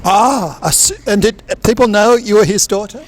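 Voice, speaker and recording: A man's voice: high voice, moderate pace. A man hosting a playful mock interrogation of cast members, teasing and theatrical.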